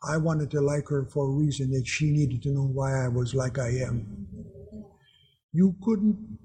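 A man's voice: medium pitch, measured pace, mellow, soft background music. A man preaching a sermon to his congregation, telling personal stories in an earnest way and chuckling at his own anecdotes.

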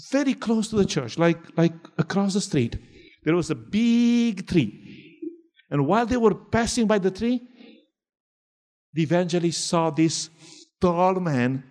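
Male preacher, sermon story, deliberate delivery, repeats words, higher voice. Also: a little mellow.

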